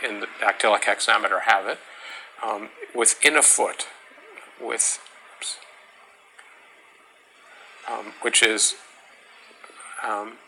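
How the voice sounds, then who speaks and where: A man giving a classroom lecture on meter, talking haltingly with many fillers and restarts, and chanting rhythm syllables to demonstrate. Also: lowish voice, little pitch movement, vocal fry, sharp tone, rough recording. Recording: faint background noise.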